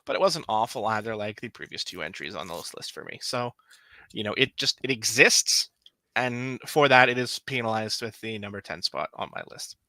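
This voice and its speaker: A man's voice: on the low side, normal speed, pushed and bright, no echo. A man hosting a casual podcast, steering the talk and calling on the others in turn. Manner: leads the talk, calls on others. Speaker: podcast host.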